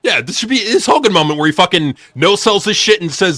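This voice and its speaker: A man with a high, bright voice co-hosts a live wrestling reaction. He banters in a laid-back, jokey way, recorded close and dry. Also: big pitch swings, fast, no room sound. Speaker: co-host.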